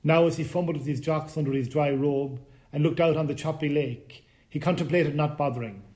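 A man narrating a short story in a calm, measured reading voice. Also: a little high. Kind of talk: scripted narration.

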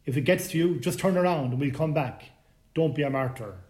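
A man doing a crisp old English woman. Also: fairly high pitch, a little fast, darkish tone, natural voice. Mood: teasing. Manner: precise, each word cleanly formed. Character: hardy older English woman swimmer, crisp and brisk.

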